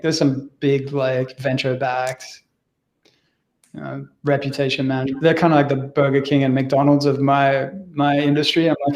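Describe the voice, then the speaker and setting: A man's voice: mid-range voice, flat delivery, moderate pace, vocal fry, a little mellow. A man with an Australian accent, a podcast guest and company founder, chatting in an easygoing way with frequent laughs and slang. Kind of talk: casual podcast conversation.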